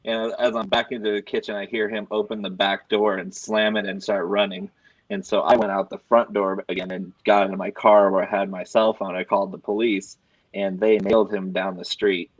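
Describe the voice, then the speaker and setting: A man's voice: fairly low pitch, brisk, no room sound. A man casually telling a long, rambling story to friends, acting out the quotes. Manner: rambling, animated anecdote with acted quotes. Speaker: podcast co-host. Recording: dry, dull lo-fi sound.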